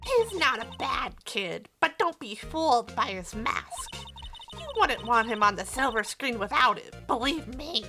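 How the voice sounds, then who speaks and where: A cranky old security lady who croaks and scolds every young visitor, as a woman puts her on for a game. She grumbles about youths in a high, swooping voice, bright and sharp. She lingers over her words. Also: very animated, unhurried, faint music behind, exaggerated voice. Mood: gossipy. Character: cranky nosy old female studio security guard.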